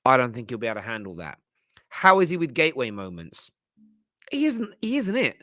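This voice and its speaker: A man's voice: medium pitch, huge pitch swings, fairly quick, sharp tone, no room sound, clean studio sound. A man hosting football fan commentary, talking in a passionate, emphatic way. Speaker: football channel host.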